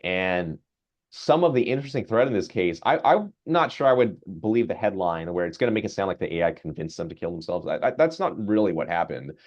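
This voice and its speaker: A man, a physician, giving a grand rounds lecture in a conversational, animated storytelling way. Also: low-pitched, a little fast, muffled recording.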